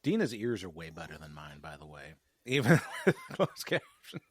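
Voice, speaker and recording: Lively low-voiced man recapping with wry profanity. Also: normal speed, slight background noise. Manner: profane, wry, laughs often. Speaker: podcast co-host. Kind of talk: casual recap chat.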